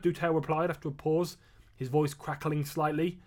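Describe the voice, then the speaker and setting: A man with a somewhat high voice reads a chapter of his own novel aloud. He starts with a relaxed, chatty greeting, then settles into steady, measured storytelling, as if streaming live from home. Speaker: author reading his novel. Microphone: webcam or phone mic.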